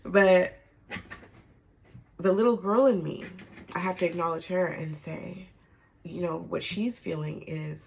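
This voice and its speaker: A woman's voice: lowish voice, fairly even intonation, measured pace, vocal fry, pauses often, breathy edge, low-quality recording. Woman telling a raw personal story. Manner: emphatic, punctuates with "okay?" and laughs. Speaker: storytime vlogger.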